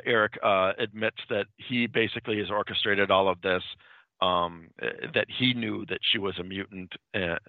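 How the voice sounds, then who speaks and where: A man with a lowish voice talks through a comic book storyline in a casual, rambling recap, linking one event to the next. The sound is thin and tinny like a phone line, with no room echo at all. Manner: rambling, loosely strung retelling. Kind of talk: casual spoken plot recap.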